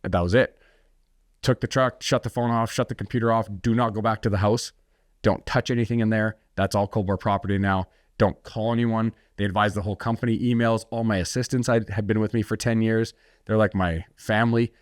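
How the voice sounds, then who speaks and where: Man, lower voice, blunt and intense, swears a lot, dry close recording, podcast interview guest. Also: steady tone, a little fast, no room sound. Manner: blunt, intense, swears freely, acts out quoted dialogue. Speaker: entrepreneur guest. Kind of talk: candid storytelling in a podcast interview.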